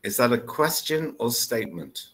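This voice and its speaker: A man's voice: mid-range voice, sing-song, normal speed, a bit bright. A man tutoring English one-on-one over a video call, patiently explaining step by step. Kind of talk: one-on-one online lesson.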